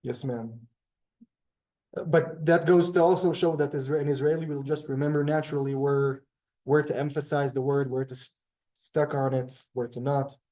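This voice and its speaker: A man's voice: a little high, steady tone, moderate pace, mellow. A man teaching a classroom language lesson, explaining step by step with many ums and asides. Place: synagogue classroom.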